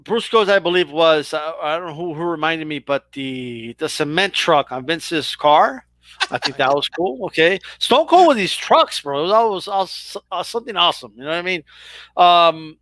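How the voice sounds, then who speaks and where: A man's voice: a little high, animated, normal speed, a bit bright, no echo. A man co-hosting a casual wrestling talk, laid-back, often adding "bro" and "you know what I mean". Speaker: co-host. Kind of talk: casual chat.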